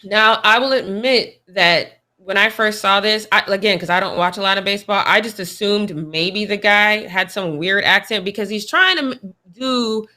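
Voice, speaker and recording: Bright, emphatic woman co-host. Casual sports talk, opinionated. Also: mid-range voice, moderate pace, hardly any pauses. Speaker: podcast co-host.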